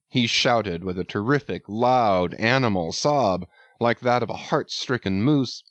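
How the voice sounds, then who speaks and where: A man reading a classic novel as steady, scripted audiobook narration. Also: on the low side, a little slow, no room sound.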